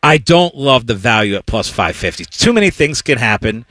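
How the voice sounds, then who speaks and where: A man with a bright, forceful voice, chatting casually as a sports betting show co-host. He tells stories with animation and laughs often. The sound is close and dry. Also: medium pitch, sing-song, normal speed, no room sound. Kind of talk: casual chat.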